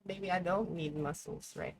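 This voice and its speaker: A woman streamer gives casual running commentary on what she is watching. Her voice sits on the lower side and jumps between low, muttered asides and sudden loud, chanted outbursts, with plenty of swearing. Faint noise hums underneath. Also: fairly even intonation, moderate pace. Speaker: live streamer reacting to a video.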